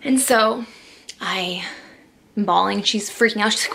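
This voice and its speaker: This young adult vlogger has a medium-pitched, gravelly voice with a sharp tone, speaking a little slowly and pausing often. She rambles emotionally through a personal story to camera, with many restarts and plenty of "like."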